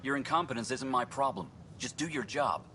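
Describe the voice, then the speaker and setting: A man's voice: medium pitch, a little fast, bright, forceful tone, recorded from a distance, slight background noise, lightly acted. An actor playing an abusive, condescending male administrator in a video game. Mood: scolding. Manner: curt, condescending. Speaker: game character.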